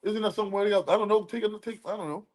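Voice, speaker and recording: A man co-hosting a casual livestream podcast, talking in loose street slang with drawn-out emphatic asides. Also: high-pitched, steady tone. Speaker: podcast co-host.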